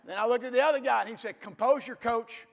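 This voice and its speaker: High-voiced man in a hall. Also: racing, creaky. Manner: folksy, blunt storyteller. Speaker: football coach. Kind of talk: motivational speech to an audience. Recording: reverberant hall.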